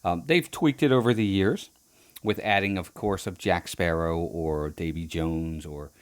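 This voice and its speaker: A man's voice: sits low, a little slow, clean tone. A man co-hosting a theme park podcast in casual chat, rambling and restarting his phrases. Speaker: podcast co-host.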